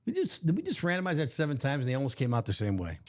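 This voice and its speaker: A man's voice: mid-range voice, wildly swooping pitch. Upbeat man hosting a live card break. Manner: upbeat, jokey, reads out names quickly. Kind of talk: live stream chat and card break calling.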